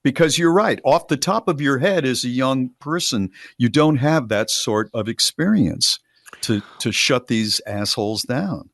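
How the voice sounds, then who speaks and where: A man co-hosting a podcast, giving measured, reassuring advice in casual chat. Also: mid-range voice, animated, fairly bright tone, no room sound, studio quality. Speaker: podcast co-host.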